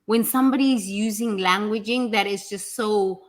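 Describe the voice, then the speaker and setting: A woman's voice: mid-range voice, moderate pace. A woman teaching in a casual, motivational way, talking bluntly and animatedly, swearing freely and acting out what other people say.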